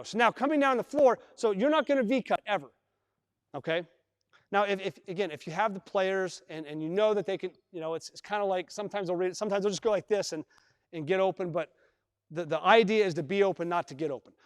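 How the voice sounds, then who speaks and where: A man with a fairly high voice runs a live basketball clinic and walks players through each drill. He doubles back on his words often and calls out moves to the players as he shows them. The sound is close and dry up front, with a long reverb trailing off in a big gym. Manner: repeats words, demonstrates with players. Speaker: basketball coach. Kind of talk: live coaching clinic on court. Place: large indoor gym.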